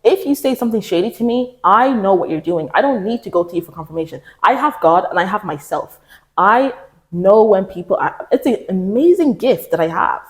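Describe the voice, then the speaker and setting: A woman's voice: mid-range voice, lively intonation, a little fast. A young woman talking candidly to camera, giving self-help advice in a casual, emphatic way, acting out other people's lines as she goes.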